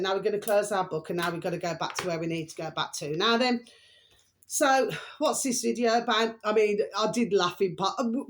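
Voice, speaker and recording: A woman hosting her own vlog, talking in a rambling, chatty way, often breaking off to apologize and to repeat a fond pet phrase to her viewers. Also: mid-range voice. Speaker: channel host. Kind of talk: rambling casual vlog chat.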